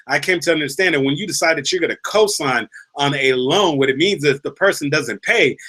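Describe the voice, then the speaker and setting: Forceful, emphatic male motivational speaker. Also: on the high side. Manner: emphatic, repeats phrases for effect; storytelling, addresses listener directly. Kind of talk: motivational speech.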